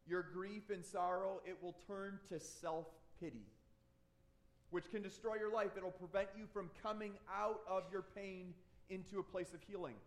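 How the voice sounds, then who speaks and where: A man preaching a sermon, earnest and conversational, often restarting his phrases. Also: a little high. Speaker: pastor.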